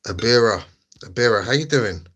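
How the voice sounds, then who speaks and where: A man's voice: medium pitch, animated, normal speed, a bit bright. A young man hosting a livestream, chatting casually and joking as he reads out viewer messages. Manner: laid-back, jokey, reads chat aloud. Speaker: livestream host.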